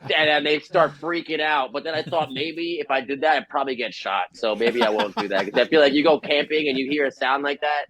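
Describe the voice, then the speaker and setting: A young man from New Jersey, a band vocalist telling a rambling, animated story on a podcast and laughing through it. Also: fairly high pitch, brisk, few pauses, poor audio. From New Jersey, USA.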